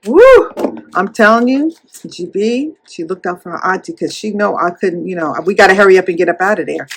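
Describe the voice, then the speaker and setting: A woman chatting casually while counting cash at home, animated and playful as she retells a story. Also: medium pitch, a little fast, a little hiss or hum. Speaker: cash-stuffing YouTuber.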